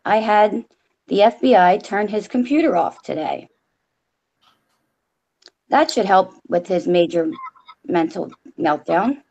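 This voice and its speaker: A woman reading a story aloud, voicing a smug, boastful Southern gentleman who claims to be a double agent. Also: mid-range voice, animated, slow pace, long pauses, dull audio.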